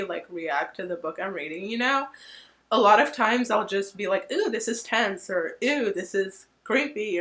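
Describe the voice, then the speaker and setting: Woman, book vlogger, casual chat, gushing and emotional, bright voice, lots of "um" and "like". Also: mid-range voice. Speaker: book reviewer, channel host.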